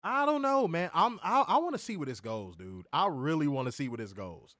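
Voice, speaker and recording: Casual profane male podcast co-host, lively up-and-down delivery, dry close mic, joking and teasing. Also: on the high side, fairly quick, no echo. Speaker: wrestling show co-host.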